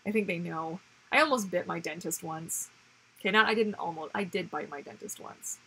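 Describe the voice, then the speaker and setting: A woman's voice: on the low side, fairly quick, fairly bright tone, breathy edge. A woman hosting a casual livestream, chatting with viewers in a rambling way with lots of fillers, restarts and frequent laughs. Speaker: livestream host. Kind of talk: casual live chat with viewers. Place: home.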